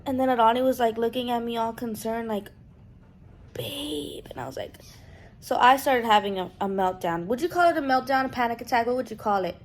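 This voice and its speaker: A woman's voice: fairly high pitch, fast talker, hardly any pauses. A young woman vlogging at home, telling a personal story in casual chat and acting out what others said. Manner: animated, quotes others in playful voices.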